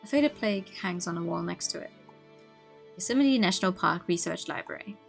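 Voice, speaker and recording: Expressive woman streamer reading a story game. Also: on the low side, a little fast, creaky, faint music behind. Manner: expressive narration with laughing asides. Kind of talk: reading a visual novel aloud.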